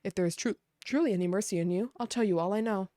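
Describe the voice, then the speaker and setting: A woman voicing a weary, solemn old man while reading game dialogue aloud in a slow, heavy way. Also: mid-range voice, warm tone, no echo, clean studio sound, lightly acted.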